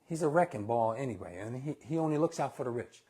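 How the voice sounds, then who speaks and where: A man's voice: mid-range voice, expressive, fast, mellow, husky. A man hosting a casual live cooking stream, talking bluntly and opinionated to viewers he calls y'all. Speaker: cooking show host.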